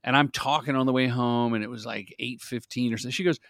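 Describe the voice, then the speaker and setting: A middle-aged man, a filmmaker guest on a podcast, telling stories in an energetic, animated way. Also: mid-range voice, fairly quick, no echo, studio quality. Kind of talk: casual interview storytelling.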